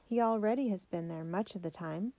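A woman reading a children's biography aloud in a measured, steady way. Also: mid-range voice, no room sound. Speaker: narrator.

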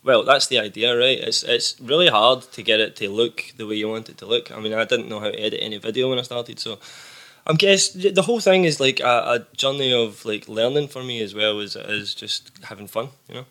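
A man's voice: medium pitch, fairly quick, pushed and bright. A young Glaswegian man telling stories in a casual podcast chat, swearing now and then and laughing easily. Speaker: podcast guest, musician.

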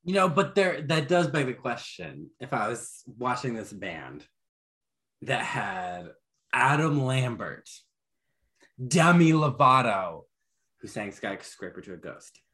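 A man co-hosting a podcast, recapping a TV episode in casual chat, animated with many fillers. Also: medium pitch, slow. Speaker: podcast co-host.

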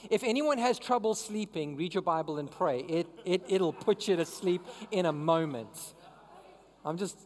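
High-voiced preacher in an echoing hall. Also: male voice, normal speed. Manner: conversational, asks the crowd questions. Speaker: pastor. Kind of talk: sermon.

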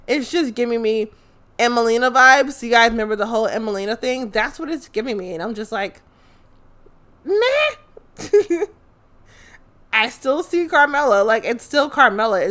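A young woman talks through a wrestling event in a loose, profane, animated way. Her voice sits a little high and sounds bright and forward. She is blunt and quick with opinions. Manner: animated, blunt, swears often. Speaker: wrestling recap vlogger. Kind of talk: casual profane recap. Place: her apartment.

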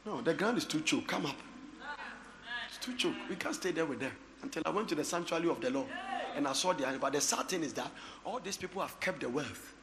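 A man preaching a sermon, moving from hushed storytelling to shouted exhortation and laughing often. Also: fairly high pitch, lively intonation, brisk, vocal fry, long reverb tail, noisy background. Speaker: pastor.

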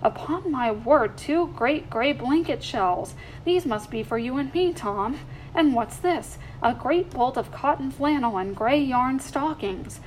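A woman's voice: high voice, animated, a little slow, a little hiss or hum, rough recording. A woman voicing a saucy young man who teases his cousin playfully. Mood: teasing. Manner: teasing, bouncy.

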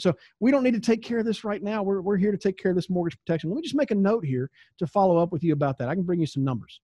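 A man's voice: sits high, lively intonation, racing, hardly any pauses, mellow, dry recording. A Southern man in his forties, an insurance sales trainer, teaching in a conversational way and acting out talks with clients. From American South. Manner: conversational, acts out client dialogues.

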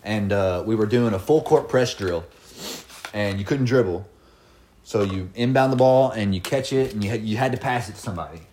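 A man's voice: on the low side, brisk, slight background noise. A man in his twenties telling stories in casual chat, swearing freely and laughing as he goes. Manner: profane, animated storytelling with laughs. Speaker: podcast co-host telling stories.

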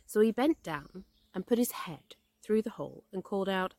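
A woman podcast host reading a children's story aloud, gentle and expressive. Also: fairly low pitch, moderate pace, hardly any pauses, no echo. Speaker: podcast host and English teacher.

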